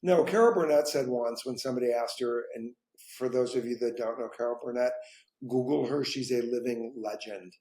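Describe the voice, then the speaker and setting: A man who is an actor, telling stories in a casual conversation, lively and expressive. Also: mid-range voice, moderate pace. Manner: animated storyteller, voice rising and dropping through anecdotes. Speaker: guest actor. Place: home, dog nearby. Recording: echoey room.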